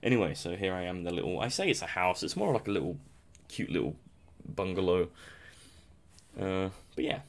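A man's voice: low voice, animated, a little fast, vocal fry. A young man giving casual, rambling commentary over a survival game, self-mocking and chuckling often. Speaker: gameplay commentator.

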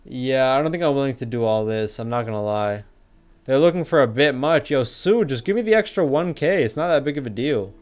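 A man's voice: medium pitch, expressive, brisk. A young man casually chatting on a livestream, joking, using slang and reading chat messages aloud.

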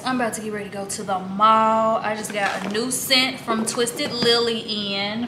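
A woman vlogging at home, chatty and joking as she talks straight to her viewers while getting ready. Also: mid-range voice. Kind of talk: casual vlog talk to camera. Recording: echoey room with noise.

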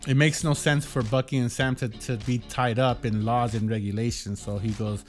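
A man gives a casual spoken TV review, excited and rambling, stumbling over repeated words as he acts out the characters' lines. His voice sits at an ordinary male pitch. Faint music plays underneath. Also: normal speed. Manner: animated, many restarts and repeated words, acts out quotes. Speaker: TV show reviewer.

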